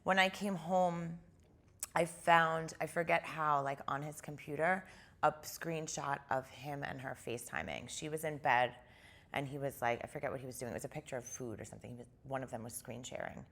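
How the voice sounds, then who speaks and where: A woman guest in a casual interview, retelling events in an animated way and using "like" a lot. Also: sits low, fairly quick, vocal fry. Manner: animated retelling, heavy use of "like".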